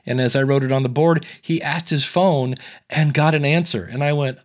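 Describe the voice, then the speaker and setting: A man's voice: a little high, fairly even intonation, normal speed. A man being interviewed as a guest on a podcast, chatting casually and acting out the dialogue in his stories. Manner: chatty storyteller who acts out quoted dialogue.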